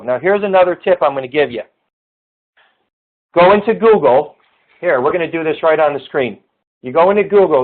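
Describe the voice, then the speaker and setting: A man with a fairly high voice coaches viewers in network marketing, urging them over and over to think big and get going. He walks through a screen-share tutorial in a pep-talk style. The sound is thin and tinny, like it came over a phone line.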